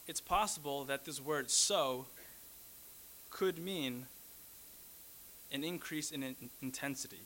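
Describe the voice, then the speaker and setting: A man delivers an earnest sermon, repeating his key phrases and correcting himself mid-sentence. His voice is bright and slightly high. A faint hiss runs under the recording. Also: low-quality recording. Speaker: preacher.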